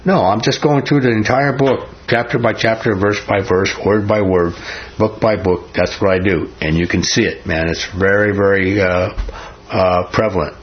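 A man's voice: fairly low pitch, fairly even intonation, moderate pace, dull audio, slight background noise. A man teaching a Bible chapter verse by verse in a folksy way, often asking "right?" and laughing.

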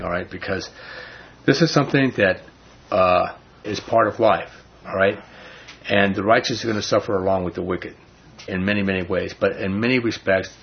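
A man leading a Bible study, reading scripture slowly and then explaining it in loose, casual talk with a husky voice. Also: deep voice, slight background noise. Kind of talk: informal Bible study teaching. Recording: dull lo-fi recording.

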